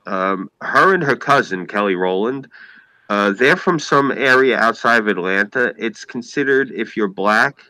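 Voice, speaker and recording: A man with a New York accent chats casually on a podcast. He rambles and talks emphatically, often swearing. His lowish voice has a bright, forceful edge, recorded dry and close. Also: lively intonation, measured pace, dry recording, poor audio. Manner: rambling, emphatic, profane, heavy use of "like". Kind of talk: casual chat.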